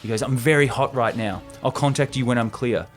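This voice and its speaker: A man's voice: mid-range voice, brisk, faint music behind. A male podcast host casually recapping a script scene by scene, jokey and storytelling. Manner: jokey, storytelling, laughs at his own bits.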